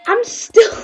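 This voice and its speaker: A woman hosting a casual reaction livestream, rambling and giggly with lots of restarts. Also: darkish tone. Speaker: livestream host.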